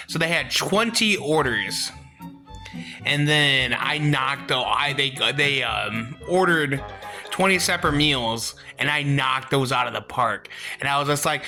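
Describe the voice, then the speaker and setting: A young man telling a work story in a casual vlog, rambling and halting, acting out the quotes. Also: medium pitch, pushed and bright, soft background music.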